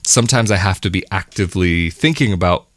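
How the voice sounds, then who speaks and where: A man's voice: deep voice, fast talker, fairly bright tone, no room sound. A young American man from the West Coast, talking to camera in a thoughtful, musing vlog and correcting himself as he goes. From West Coast of the United States. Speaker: vlogger. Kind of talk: reflective solo talk to camera.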